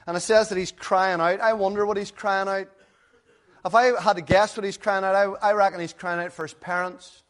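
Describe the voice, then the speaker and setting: A man delivers a sermon in a fairly high-pitched voice. His preaching is earnest and conversational, and he keeps putting rhetorical questions to his listeners. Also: steady tone, brisk, fairly bright tone.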